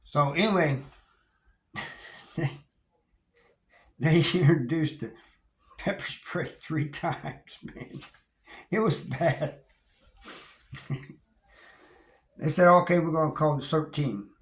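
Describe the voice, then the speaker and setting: A man's voice: fairly high pitch, slow pace, pauses often. A man casually telling a story about his time in prison, plainspoken and loose, with slang, wry chuckles and lots of "you know.". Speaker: vlogger recounting prison experiences. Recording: roomy echo.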